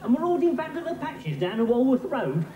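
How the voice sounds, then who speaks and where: A wry, sardonic warehouse hand. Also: male voice, very high-pitched, very animated, fairly quick, lo-fi sound, crowd noise. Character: wry older male warehouse worker Sid. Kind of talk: 1980s studio sitcom acting. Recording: roomy studio with background hiss.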